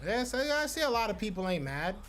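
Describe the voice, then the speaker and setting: Philly-male host, fairly high voice, loose rambling live-stream chatter, faint music behind. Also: sing-song, a little fast, a bit bright. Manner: loose, repetitive, talks to chat by name. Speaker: podcast host reading live chat. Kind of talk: casual live-stream chat.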